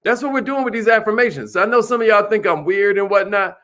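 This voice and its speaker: A man gives a fired-up motivational talk, hammering home each question over and over. His voice sits high and rings bright and forceful. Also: fast talker. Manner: emphatic, repetitive, hyped, calls listeners millionaires. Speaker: motivational speaker.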